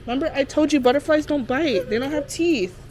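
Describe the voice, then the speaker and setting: A woman on a family trip, chatting casually and gently coaxing a small child outdoors. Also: high voice, a little fast, low-quality recording. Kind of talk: casual chat.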